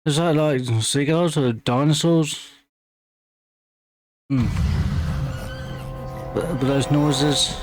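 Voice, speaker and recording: A man's voice: fairly high pitch, fairly even intonation, extremely slow, long pauses. A man hosting a music reaction video, talking casually with many restarts and fillers, openly enthusiastic.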